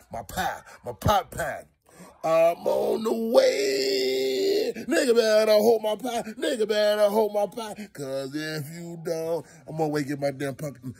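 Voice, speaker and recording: A young man ranting loudly and comically, swearing and exasperated, talking from outdoors and in a car. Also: fairly high pitch, slightly rough. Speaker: comedian. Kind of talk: profane comedic rant.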